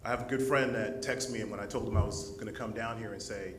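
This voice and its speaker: A man giving an impassioned public comment at a city council podium microphone, speaking with forceful, rising indignation. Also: lowish voice, fairly even intonation, quick pace, a little hiss or hum.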